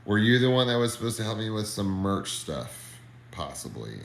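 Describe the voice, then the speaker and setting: A man with a very deep voice chats casually on a livestream, laid-back and friendly and swearing freely. He reads viewer comments out loud. The sound is echoey, with a faint hum of room ambience behind him. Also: sing-song, normal speed. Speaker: livestream host and reptile keeper.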